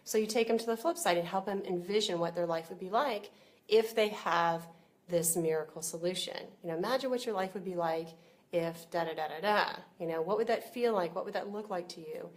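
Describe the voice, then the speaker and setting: A woman's voice: on the low side, a little fast. Chatty woman coaching on business. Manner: chatty, many fillers like "you know". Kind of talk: live-streamed business training talk. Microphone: computer or webcam mic.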